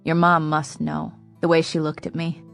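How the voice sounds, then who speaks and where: Woman reading as a gravely ill young man, calm and steady, speaking in a lowish, quiet voice. he keeps his words even and subdued, with a faint guitar under the audiobook reading. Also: moderate pace. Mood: calm, regretful.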